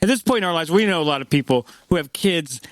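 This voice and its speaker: A man's voice: fairly high pitch, animated, quick pace, dry recording. A man in his fifties, co-hosting a podcast, tells loose rambling stories in casual chat and acts out the quotes. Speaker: podcast co-host.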